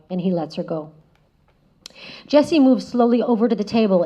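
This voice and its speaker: A woman giving a prepared spoken essay as a guest speaker, measured and reflective, often letting her phrases trail off softly. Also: medium pitch. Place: lecture room. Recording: slightly dull lo-fi audio.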